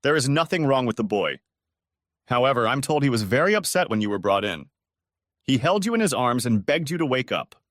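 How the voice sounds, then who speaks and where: A man voicing a male hospital doctor who speaks in a calm, informative way. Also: medium pitch, a little fast, dry recording, clean studio sound.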